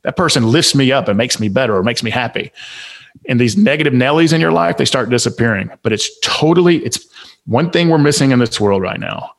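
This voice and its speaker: A Southern man, a guest author and speaker, hands out motivational advice during a podcast interview. His medium-pitched voice is expressive, brisk, and creaky. He comes across as preachy and emphatic, firing off one rhetorical question after another.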